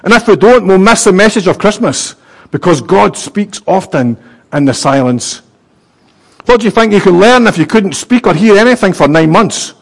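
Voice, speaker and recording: Preacher, male, high voice, storytelling sermon with dry humour. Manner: storytelling with emphatic pauses and light humour.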